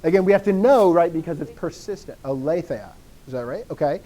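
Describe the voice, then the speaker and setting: High-voiced, excitable language teacher. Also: male voice, a little fast. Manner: enthusiastic, self-interrupting, asks and answers his own questions. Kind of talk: classroom lesson.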